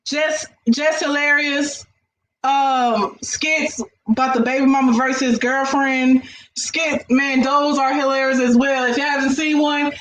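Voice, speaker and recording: A woman with a high, fairly bright voice that barely shifts in pitch talks a little slowly. Hosting a casual reaction chat in an echoey, faintly noisy room, she addresses viewers, laughs frequently, and repeats herself.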